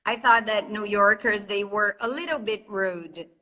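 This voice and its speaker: A woman's voice: medium pitch, a little slow, pushed and bright, rough recording. A Brazilian woman speaking English as her second language with a Brazilian accent, hosting a casual live chat as an English teacher. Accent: Brazilian Portuguese. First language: Portuguese.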